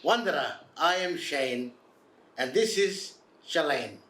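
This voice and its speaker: Male language teacher, patient drill delivery, slightly high voice, roomy echo. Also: lively intonation, slow, sharp tone. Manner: patient, repeats each word for learners. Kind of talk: slow instructional drilling.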